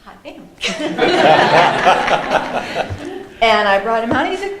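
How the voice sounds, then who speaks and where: A woman panelist telling a lively story at a discussion panel, often laughing. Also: mid-range voice, slow pace, long pauses, over a noisy crowd. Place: conference room with an audience. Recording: echoey room with faint noise.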